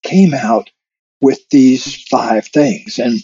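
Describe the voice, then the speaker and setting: A man with a dark, mellow voice and a husky, breathy edge tells a personal story on a podcast. He talks in a reflective, unhurried way, with soft chuckles. The recording sounds dull and lo-fi. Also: medium pitch, no echo. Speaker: podcast co-host. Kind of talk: conversational storytelling.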